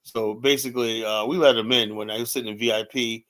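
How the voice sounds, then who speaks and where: A man from Virginia in casual chat, telling rough stories from his club security days, with lots of profanity and "you know". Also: mid-range voice. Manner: fast, animated storytelling with heavy profanity and "you know". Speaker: podcast guest, former club security.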